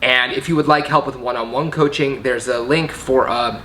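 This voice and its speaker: A man's voice: mid-range voice, fairly even intonation, normal speed, pushed and bright, slight background noise. A man teaching a coaching method, explaining step by step and often checking in with "right?". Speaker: coaching trainer. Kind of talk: teaching video.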